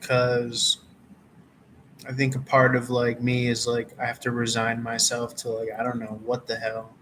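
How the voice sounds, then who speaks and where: Male tarot reader, mid-pitched, flat delivery, rambling casual chat outdoors. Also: unhurried, a little hiss or hum, rough recording. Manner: laid-back, meandering, many fillers. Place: outdoors around a campfire.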